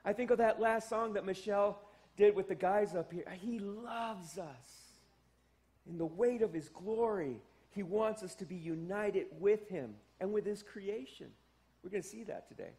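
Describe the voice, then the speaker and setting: High-voiced animated pastor preaching. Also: male voice, a little slow. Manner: animated, joking asides, rising to emphatic exclamations. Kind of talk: sermon. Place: church sanctuary.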